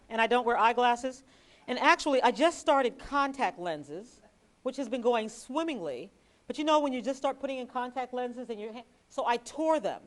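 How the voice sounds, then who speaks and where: At a library lecture, a female author and TV news reporter reads passages from her book with a fairly high-pitched voice. Between readings she shares lively stories sprinkled with chatty asides.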